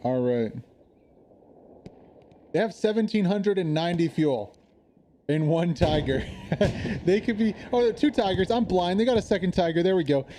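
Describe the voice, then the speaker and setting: A man giving casual live commentary on an online war game match, chatty and quick to laugh. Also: high voice, animated, warm tone, slight background noise. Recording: game gunfire and explosions behind.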